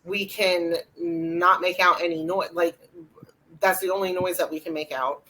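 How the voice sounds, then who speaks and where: A young adult woman, co-hosting a podcast and retelling a ghost hunt in a rambling, animated way with lots of fillers. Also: lowish voice, measured pace, poor audio. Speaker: podcast co-host. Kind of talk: casual storytelling chat.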